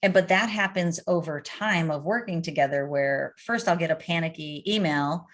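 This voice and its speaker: A middle-aged woman with a slightly low voice answers questions as a coach. She talks in an animated, storytelling way and uses everyday anecdotes. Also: moderate pace. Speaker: addiction coach. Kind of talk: conversational interview answers.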